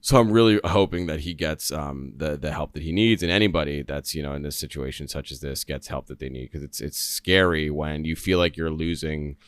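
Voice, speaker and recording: Brief: male podcast host, very low voice, smooth and resonant, earnest solo commentary. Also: fairly quick, hardly any pauses, no room sound, clean studio sound. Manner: earnest, rambling, many fillers and restarts.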